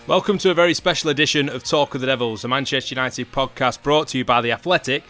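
A man, hosting a podcast in a measured, broadcaster-like way. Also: mid-range voice, pushed and bright, faint music behind. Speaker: podcast host. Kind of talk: podcast chat.

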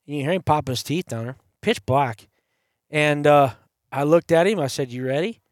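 Animated storytelling man, dry close sound. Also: fairly high pitch, normal speed, no echo. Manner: animated storyteller, acts out quoted voices. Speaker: podcast host. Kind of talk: casual storytelling. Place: campside.

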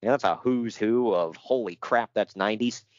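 A man's voice: fairly low pitch, moderate pace, no echo, dull audio. A man co-hosting a casual chat, reading out notes with jokes and frequent laughter. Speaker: podcast co-host.

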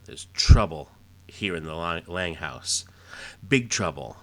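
A man voicing a worried teenage girl from a comic book, speaking in a hurried, anxious way. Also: low-pitched, expressive, fairly bright tone, heavily acted.

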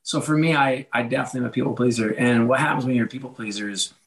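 Animated storytelling man in an interview. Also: medium pitch, racing. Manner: animated storyteller, acts out quoted dialogue with a laugh. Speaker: podcast guest, author and former sports executive. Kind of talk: casual interview chat.

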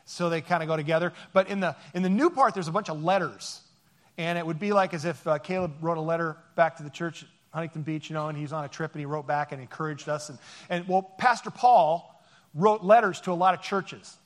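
A man's voice: on the high side, brisk. A man giving a conversational sermon as pastor, joking and rambling with many fillers.

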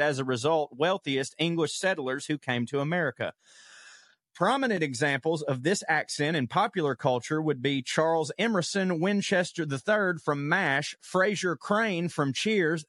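A man's voice: a little high, a bit bright, no echo. A man co-hosting a podcast, reading listener letters aloud in a loose, profane way with chuckles. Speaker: podcast co-host. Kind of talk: casual chat, reading listener mail.

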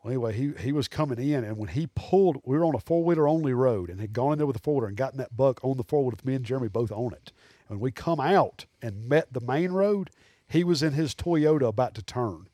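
A man's voice: medium pitch, fast, dry recording, studio quality. Man telling hunting stories. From Alabama. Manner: animated, rambling hunting yarns. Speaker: guest taxidermist. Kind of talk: casual storytelling in a podcast interview.

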